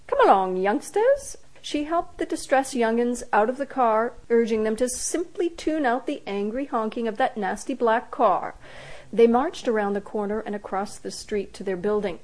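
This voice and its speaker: A woman reading her own story aloud in a wry, animated way, jumping into the characters' voices. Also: on the high side, moderate pace, rough recording. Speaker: narrator.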